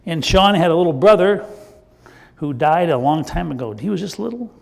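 A man's voice: on the high side, lively intonation, moderate pace, creaky, long reverb tail. An older man, a pastor, telling a children's sermon in a playful, chatty way with the kids. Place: church sanctuary.

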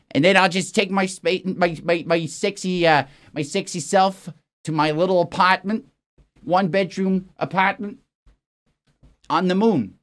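A man's voice: sits high, steady tone, takes it slowly, pauses often, a bit bright. Swearing, exasperated comic newsman. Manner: profane, exasperated, rambling and self-interrupting. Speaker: comedy news anchor. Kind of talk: improvised comic news parody.

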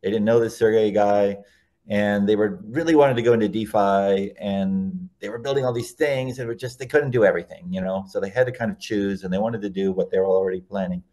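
A man in a relaxed interview, recounting his story at length as a guest. His voice sits on the lower side, and he rambles, circling back and rephrasing as he goes. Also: a little fast. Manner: rambling, self-correcting anecdotes.

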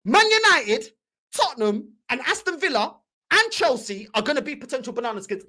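A woman's voice: high voice, very animated, fairly quick, bright, forceful tone. A young woman, hosting a football fan channel and ranting angrily, mocking and repeating herself. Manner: heated, mocking, repetitive ranting. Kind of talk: angry fan reaction rant.

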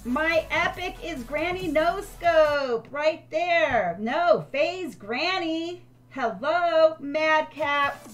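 A woman's voice: high-pitched, fairly bright tone. An older woman live-streaming a game, chatting with viewers and thanking them by name.

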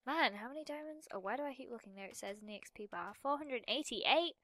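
A young woman giving bubbly, rambling commentary while playing a video game, with quick laughs between remarks. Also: a little high, expressive, a bit bright. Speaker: gaming commentator. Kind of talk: casual Minecraft let's-play commentary.

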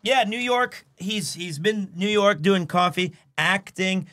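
A man's voice: high-pitched, slow. A man hosting a live stream from his home, chatting casually and telling stories with lots of laughter. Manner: animated, laughing storyteller. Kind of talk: casual chat. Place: home in Japan.

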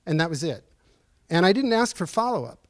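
A man in his sixties giving a personal storytelling lecture in a university auditorium, earnest and reflective, pausing as he speaks. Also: high voice, big pitch swings, no echo. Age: 60s. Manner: earnest, reflective, halting with pauses. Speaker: guest speaker at a lecture series.

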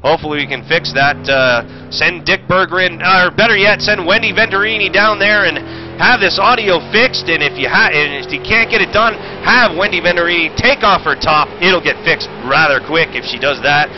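A man's voice: high voice, moderate pace, over music. A man giving brash, profane, off-the-cuff commentary on a sim race he hosts. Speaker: sim racing commentator and streamer. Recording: muffled stream audio with loud engine noise. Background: racing game engine noise.

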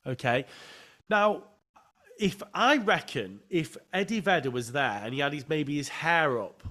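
A man hosting a casual chat, talking in an excitable, rambling way and often jumping in over his guest. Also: fairly high pitch, unhurried. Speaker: podcast host.

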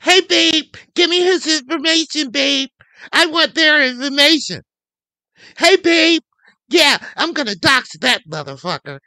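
A man's voice: extremely high pitch, expressive, measured pace, bright, forceful tone, no room sound, voice pushed up, heavily acted. A man putting on a mocking imitation of a woman egging someone on, in a wheedling sing-song.

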